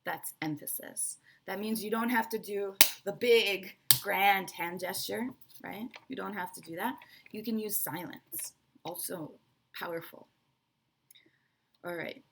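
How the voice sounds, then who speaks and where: A woman with a medium-pitched voice and vocal fry explains English presentation skills to viewers online, step by step, repeating key ideas and punctuating them with "right?" and "okay." She speaks unhurriedly, and the background is noisy.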